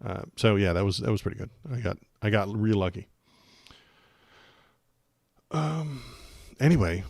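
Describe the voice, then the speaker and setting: A man's voice: fairly low pitch, creaky, a little mellow, no echo, clean studio sound. A man hosting a political livestream, chatting casually and rambling with jokes and lots of fillers.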